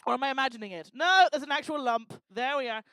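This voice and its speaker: A female event host does casual stand-up crowd work on a lecture hall stage, poking fun at the audience. Her voice is high-pitched and a bit bright, her pace quick, and there's no echo.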